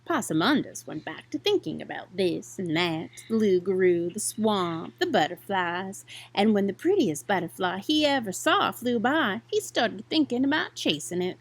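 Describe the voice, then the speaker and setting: Woman reading a kids book out loud, big swoopy voice, chats to the kids. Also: medium pitch, moderate pace. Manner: expressive, asides to young listeners. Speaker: storyteller. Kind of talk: children's picture book read-aloud.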